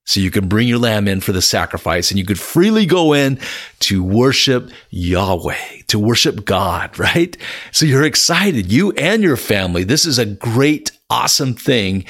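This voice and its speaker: A man's voice: fairly low pitch, a bit bright. A man teaching a Bible lesson in a conversational, storytelling way, often repeating words and calling his listeners "you guys". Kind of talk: sermon-style Bible teaching.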